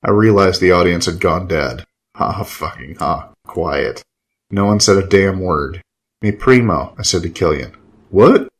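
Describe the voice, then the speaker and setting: A man with a fairly low voice reads a gritty first-person story aloud. His telling is hard-boiled and wry, with plenty of swearing. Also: normal speed, poor audio. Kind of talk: first-person scripted narration.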